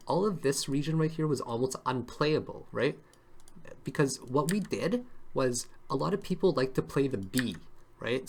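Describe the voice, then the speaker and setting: A man's voice: medium pitch, fairly bright tone. A man giving a casual live-stream lesson on trading charts, chatty and always checking in with his viewers. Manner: chatty, keeps checking in with "right?" and "okay?". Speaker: crypto trading analyst.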